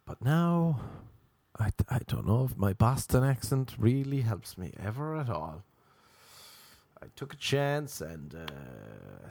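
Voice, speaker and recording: Rambling Irish man, low dry voice. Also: sing-song, takes it slowly, vocal fry, a little mellow, no room sound. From Ireland. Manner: rambling, self-deprecating. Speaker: actor. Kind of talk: casual storytelling monologue.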